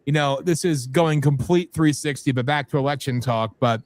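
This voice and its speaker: A man's voice: medium pitch, moderate pace, no room sound. A man from New Jersey co-hosting a talk radio show, joking bluntly and laughing often. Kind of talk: casual political talk radio banter.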